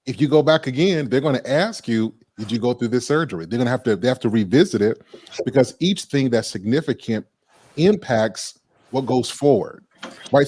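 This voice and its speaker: Guy hosting a chat stream, preachy and animated, mid pitch. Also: husky. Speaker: host. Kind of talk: casual discussion.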